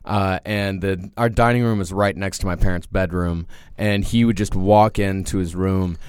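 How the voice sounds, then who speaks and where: Low-voiced, easygoing man podcast host. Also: fairly even intonation, moderate pace, clean tone, dry recording. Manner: easygoing, frequent fillers, laughs along. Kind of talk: casual chat.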